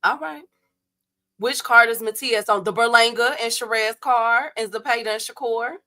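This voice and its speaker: Young woman streamer, bright voice, animated slangy rant to her viewers. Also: a little high, normal speed. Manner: animated, talks straight to her chat viewers, blunt and slangy. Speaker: boxing livestream host. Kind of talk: casual livestream rant.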